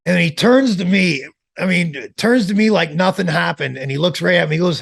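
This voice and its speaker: A man being interviewed as a former pro wrestler, telling stories in a lively way, acting out quotes and laughing as he goes. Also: high-pitched, normal speed, vocal fry. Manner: animated storyteller who acts out quotes and laughs. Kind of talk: casual storytelling interview.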